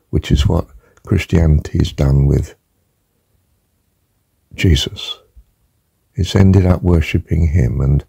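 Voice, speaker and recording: Deep gravelly older man preaching slowly. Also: no echo. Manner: emphatic, slow and deliberate, drops to a hushed whisper. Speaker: religious teacher. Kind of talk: spiritual talk.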